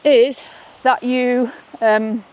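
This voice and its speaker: A woman's voice: on the high side, steady tone, extremely slow, a little mellow. A woman and dog trainer giving a chatty, upbeat outdoor demonstration on a walk, often checking in with "okay?". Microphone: camera she holds while walking.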